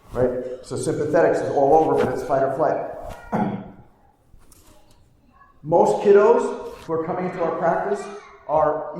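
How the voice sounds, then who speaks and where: Man lecturing in an echoey hall. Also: a little high. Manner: lively teaching, asks the audience questions, repeats key terms. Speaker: chiropractor giving a talk. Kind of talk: live conference presentation. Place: large hall before a live audience. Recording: echoey hall, mic from far off.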